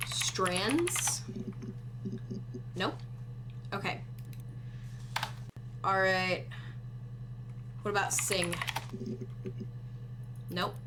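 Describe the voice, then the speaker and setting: A woman's voice: medium pitch, expressive, drawn-out words, long pauses, noisy background. An American woman doing chatty let's-play commentary, thinking aloud and humming bits of songs as she plays. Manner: chatty, thinks aloud, hums and sings snatches. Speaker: streamer. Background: music.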